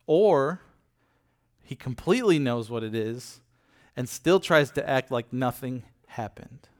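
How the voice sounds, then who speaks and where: A man's voice: mid-range voice, animated, a little slow, darkish tone. A man giving a casual Bible teaching, retelling scripture in everyday words and checking in with listeners. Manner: addresses listeners with frequent "okay?" and "right?". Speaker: preacher.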